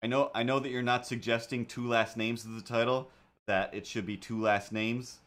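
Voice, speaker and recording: A man's voice: medium pitch, fairly even intonation, moderate pace, fairly bright tone. A man hosting a casual drawing livestream, talking in a rambling, jokey way with lots of fillers and asides. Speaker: livestream host and artist.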